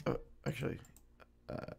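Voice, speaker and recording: A man streaming a video game, bantering playfully and reading the game's text aloud. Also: normal speed. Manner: playful, jumps between chatty banter and dramatic reading. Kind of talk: let's-play commentary and reading. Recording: game music behind the voice.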